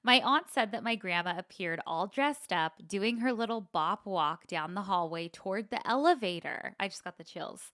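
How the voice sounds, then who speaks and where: A woman's voice: medium pitch, lively intonation, normal speed, hardly any pauses, a bit bright, no room sound, studio quality. A woman co-hosting a podcast, chatting candidly and reading out a listener email, laughing easily. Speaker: podcast co-host.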